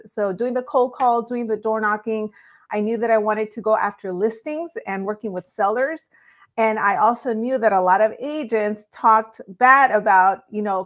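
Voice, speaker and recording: A woman's voice: on the high side, fairly bright tone. A woman from Los Angeles, a real estate agent and guest, talking in an upbeat, chatty way. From Los Angeles, California. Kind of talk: casual interview.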